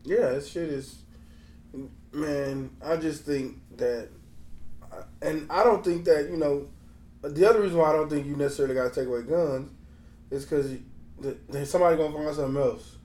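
A man's voice: a little high, normal speed, darkish tone. A man talking bluntly in a casual chat, swearing freely and rambling with restarts. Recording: roomy echo, faint background noise.

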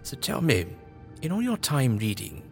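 A man voicing a scheming old male doctor with a smooth, persuasive way of talking, often hushed. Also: medium pitch, very animated, moderate pace. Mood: wistful. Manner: soft-spoken, coaxing. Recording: long reverb, faint music behind.

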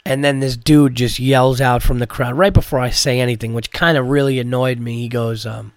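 Rambling, swearing comedian telling a story. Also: male voice, medium pitch, steady tone, moderate pace, dry recording, studio quality. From New York. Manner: rambling, profane, frequent restarts. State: tired from medicine. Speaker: comedian podcast host. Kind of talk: casual storytelling.

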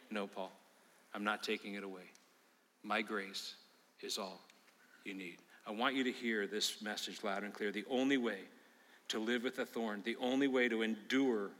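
A male pastor preaching a sermon to his congregation, emphatic and swinging between loud calls and hushed appeals. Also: mid-range voice. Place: church sanctuary. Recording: reverberant church hall.

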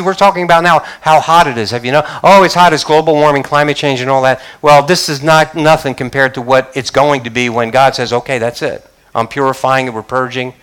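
A man's voice: a little high, fairly bright tone, clear, resonant tone, poor audio. A male pastor preaching a church sermon, reading scripture aloud and questioning his congregation.

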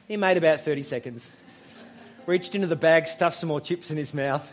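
A man preaching a sermon as a pastor, conversational, telling stories and pausing for emphasis. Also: on the high side, soft background music. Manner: conversational, storytelling, with emphatic pauses.

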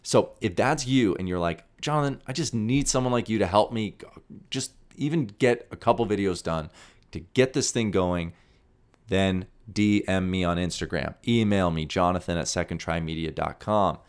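A man with a deep, low voice hosts a solo podcast. He talks with salesy excitement and jumps between pitching and quick muttered asides. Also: clear, resonant tone. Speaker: podcast host. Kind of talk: energetic solo podcast monologue.

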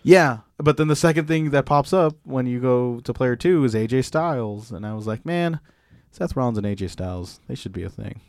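A man's voice: medium pitch, expressive, fairly quick, a little mellow, no room sound, studio quality. A man co-hosting a casual podcast chat, rambling and laughing often. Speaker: podcast co-host.

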